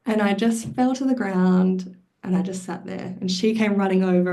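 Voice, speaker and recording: A mother telling her birth story as a podcast guest, lively and expressive, often laughing. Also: medium pitch, moderate pace. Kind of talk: personal storytelling.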